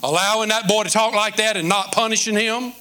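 A man's voice: sits high, fairly even intonation, a little fast, bright, forceful tone, slight background noise. A male pastor preaching a sermon in a church, telling the story animatedly with many repetitions and restarts.

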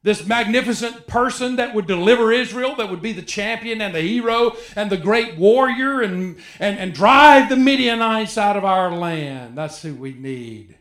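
This pastor's voice is high-pitched and fairly bright, moving at a moderate pace with hardly any pauses. He preaches conversationally, joking and posing rhetorical questions to his listeners, in a church room with lots of echo.

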